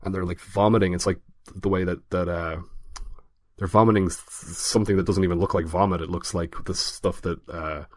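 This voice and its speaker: A man co-hosting a film podcast, reviewing movies in loose, casual chat. He speaks in a very low voice, hedging with many ums and restarts, and the dry, close sound has no room echo. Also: fairly even intonation, fairly quick. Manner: hesitant, many fillers and restarts. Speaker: podcast co-host.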